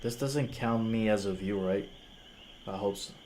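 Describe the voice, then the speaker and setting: His voice runs on the low side, measured and a little mellow, with a faint hiss or hum in the recording. A young native Spanish speaker, he reviews music on a live stream and argues incredulously with a critic in casual slang.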